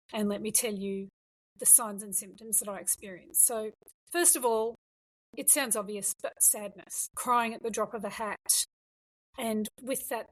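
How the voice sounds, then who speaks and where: Her voice medium in pitch and fairly bright, a middle-aged woman shares her story bluntly and emphatically as an interview guest. The exchange is conversational, and the audio quality is poor.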